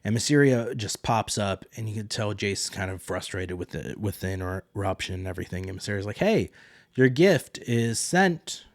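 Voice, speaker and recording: A man's voice: sits low, steady tone, a little fast, hardly any pauses, no echo, studio quality. A man hosting a podcast, casually recapping a TV episode with blunt, self-mocking asides and loose paraphrases of the characters. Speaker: podcast host.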